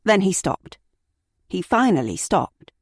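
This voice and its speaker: Slow, sombre woman audiobook narrator. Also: medium pitch, very animated, slightly rough, no room sound, clean studio sound. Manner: slow, measured, sombre reading. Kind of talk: first-person true crime audiobook narration.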